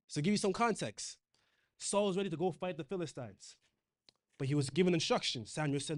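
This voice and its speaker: A man's voice: on the high side, brisk. A man preaching a sermon in a conversational way, reading scripture aloud and retelling it in casual slang.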